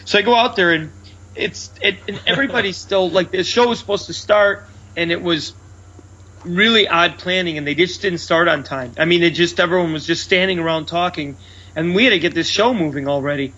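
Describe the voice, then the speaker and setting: Brash loud comedian guy chatting, high bright voice, kinda husky, dull lo-fi sound. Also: brisk. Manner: loud, brash storyteller who acts out his own lines. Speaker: comedian and show headliner. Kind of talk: casual chat.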